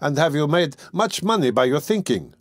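A man's voice: big pitch swings, moderate pace, no echo, studio quality. A male audiobook narrator voicing a talkative, cheerful peasant servant woman in a raised, teasing voice. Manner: chatty, teasing, higher-pitched.

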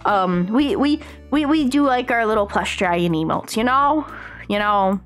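A woman's voice: a little high, lively intonation, unhurried, faint music behind. A woman hosting a casual live stream, chatting in a bubbly, gushing way with lots of slang. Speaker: streamer host.

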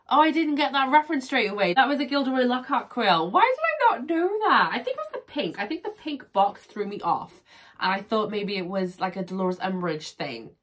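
A chatty woman talking casually as she unboxes a subscription box at her desk, reading out each item card and then reacting with quick asides. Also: mid-range voice. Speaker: unboxing vlogger. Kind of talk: casual chat. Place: at home, at a desk.

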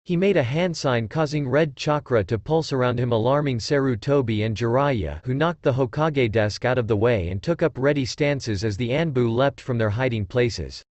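A man narrating fan fiction in a steady, plain reading voice. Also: mid-range voice, moderate pace, hardly any pauses, dry recording.

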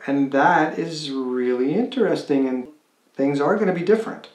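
A man's voice: a little high, a little fast, a little mellow. A man working as a college admissions counselor, explaining to students in a conversational way with rhetorical questions. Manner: conversational, with many restarts and rhetorical "right?". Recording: roomy echo.

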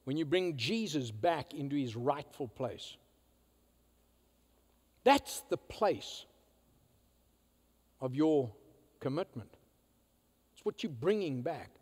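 A male pastor delivers a sermon from the pulpit, his voice high and leaping widely in pitch. He speaks slowly, driving home loud declarations and then dropping to hushed asides. The sound carries a long reverb from the church sanctuary.

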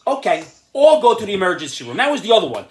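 A man's voice: sits high, big pitch swings, fast talker. A man in his fifties hosting a comedic rant vlog, sarcastic and ranting, often breaking into laughs. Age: 50s. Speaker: host.

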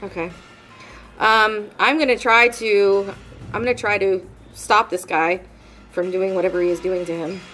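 A woman at a tabletop game table with a mid-pitched voice, talking her character's moves through out loud. She hesitates and restarts often while working out what her character would do. Faint music runs underneath. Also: little pitch movement, moderate pace. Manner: hesitant, thinks aloud with many restarts. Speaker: player. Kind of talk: casual tabletop game play.

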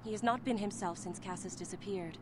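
A woman's voice: medium pitch, fairly quick, a loud crowd, close to an everyday voice. An actress playing an earnest young woman pleading for understanding of her father in a video game. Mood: earnest, worried.

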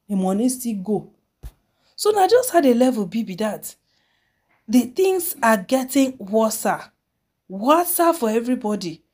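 A woman's voice: mid-range voice, dark tone. A woman blogger with a Nigerian Pidgin accent gives casual commentary, chatty and switching between Pidgin and English. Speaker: celebrity news blogger.

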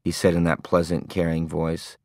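A man with a very low voice reads an audiobook in a calm, understated manner. He sounds close and dry, as if recorded in a quiet studio booth. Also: moderate pace, no room sound. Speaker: audiobook narrator. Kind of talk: scripted narration.

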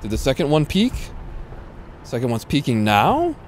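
A man's voice: medium pitch, huge pitch swings, moderate pace, a little hiss or hum. A man casually commentating his own live gameplay, slangy and swearing freely. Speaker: streamer.

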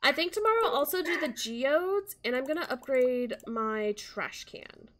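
A woman hosting a casual gaming stream, chatty, with quick bursts of excitement. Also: high-pitched. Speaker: streamer and channel host.

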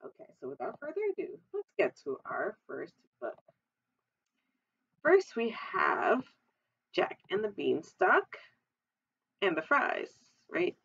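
A librarian reading a children's storybook aloud, adding chatty, giggly asides. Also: female voice, mid-range voice, wildly swooping pitch, slow pace, gravelly, pauses often, a bit bright, husky. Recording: dull, distant recording.

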